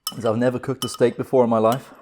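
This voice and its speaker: A man's voice: medium pitch, flat delivery, fast talker, darkish tone, a little hiss or hum. A man hosting a casual cooking vlog at home, rambling and exclaiming with self-mocking humor. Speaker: channel host. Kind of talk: casual vlog chat while cooking and eating.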